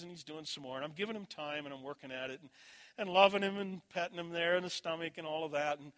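A man's voice: fairly high pitch, expressive, quick pace, a bit bright. A middle-aged man preaching a sermon, teaching earnestly and telling a personal story.

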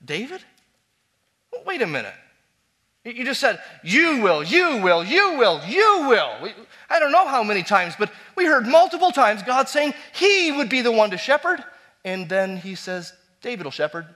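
A male preacher with a fairly high, bright voice delivers a sermon. He builds to loud, emphatic repetitions, then drops to quiet, low asides. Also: big pitch swings, normal speed.

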